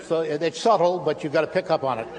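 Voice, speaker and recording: A little high in pitch and darkish in tone, an older man speaks fast, with some chatter behind him. He gives a live stage lecture with magic demonstrations to an audience in a lecture hall, using playful, self-mocking showman patter. The audience laughs, and the live hall recording has a faint hum.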